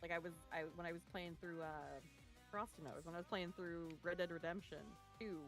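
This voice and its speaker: Bright-voiced, lively casual streamer. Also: mid-range voice, soft background music. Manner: lively, swearing, quick to laugh. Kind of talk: casual chat.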